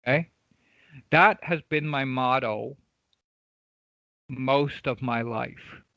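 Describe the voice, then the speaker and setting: A man's voice: mid-range voice, slow, pushed and bright, dry recording, dull audio. Man lecturing with repeated "right?" checks. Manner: repetitive, emphatic, rhetorical "right?" checks. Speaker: trading coach. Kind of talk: live online class lecture.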